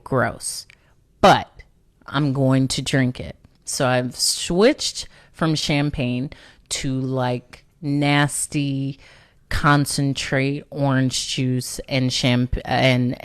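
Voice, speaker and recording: A woman's voice: a bass voice, clear, resonant tone, no room sound, studio quality. A woman hosting a casual personal storytelling talk, conversational and self-mocking, often laughing at herself. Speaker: storyteller host.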